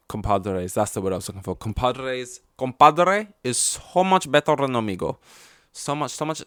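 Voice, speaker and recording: A young man hosting a podcast on his own rambles through a story in a low, unhurried voice, with blunt asides and the occasional swear word. The recording is dry and close, without room sound.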